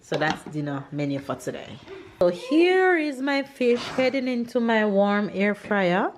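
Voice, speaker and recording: Unhurried Jamaican mom vlogging at home. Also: female voice, medium pitch, very animated, background noise. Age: 30s. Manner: playful, sing-song quizzing of her kids. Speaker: family vlogger, mother. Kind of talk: casual home vlog narration. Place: home kitchen.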